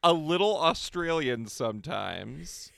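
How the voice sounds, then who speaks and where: A man co-hosting a casual podcast, chatting about a movie with wry, deadpan asides. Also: on the high side, slow pace, vocal fry, no room sound. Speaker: podcast co-host. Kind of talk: casual chat recapping a movie.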